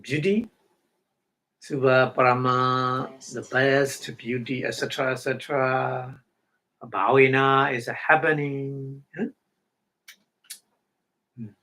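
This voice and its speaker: Burmese guy teaching meditation, really slow, lots of yeah and repeats, chants some pali. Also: mid-range voice, a bit bright. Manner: halting non-native English with many fillers and repeats. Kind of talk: dharma talk.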